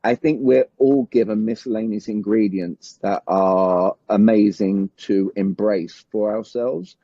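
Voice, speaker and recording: British man, dark husky voice. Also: on the low side, steady tone, a little slow, dry recording, lo-fi sound. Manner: structured, explains in numbered steps, often says "all right". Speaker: summit guest speaker. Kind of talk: conversational interview, teaching.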